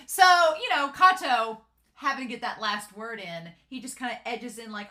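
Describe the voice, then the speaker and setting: A woman chatting casually through an episode recap, full of "like" and quick asides. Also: on the high side, animated, pushed and bright. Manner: chatty, giggly, lots of "like" and filler. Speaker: anime reviewer.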